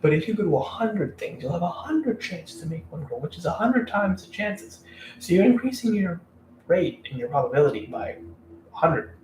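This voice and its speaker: A man's voice: high-pitched, sing-song, moderate pace, darkish tone. Blunt, profane man ranting in a roomy space. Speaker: video host giving dating advice. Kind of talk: casual unscripted rant to camera. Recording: roomy room, mic at a distance, faint background noise.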